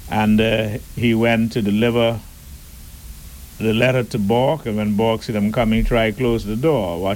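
A man addresses a meeting in a slow, deliberate way, leaning on rhetorical questions. His voice sits fairly low. A faint hiss runs underneath. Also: a little mellow, poor audio. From Turks and Caicos Islands. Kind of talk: public address.

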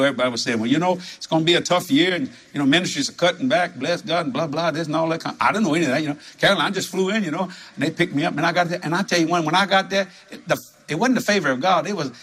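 A man from New Orleans preaches a story-filled sermon, animated and laughing, leaping into high exclamations. His husky voice races along with barely any pauses.

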